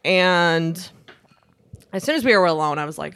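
A woman's voice: fairly low pitch, normal speed, long pauses, clear, resonant tone. A young woman co-hosting a casual chat, telling a story with lots of swearing and laughter. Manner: animated, swears a lot, laughs often. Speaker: podcast co-host.

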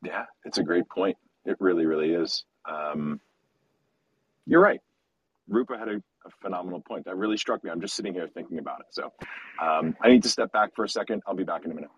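A man co-hosting a podcast in casual chat, speaking softly as he mulls things over, on a dull lo-fi remote mic. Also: low-pitched, a little fast, husky, no room sound.

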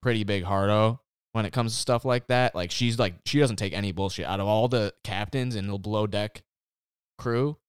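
A man's voice: lowish voice, normal speed, clean tone, dry recording, clean studio sound. A man chatting casually, recapping shows and movies with friends. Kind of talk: casual chat.

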